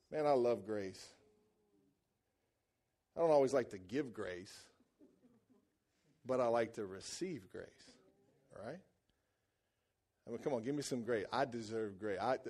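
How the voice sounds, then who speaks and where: A man preaching a sermon as pastor. He tells stories in a colloquial, joking way and swings from loud excited peaks to hushed low passages.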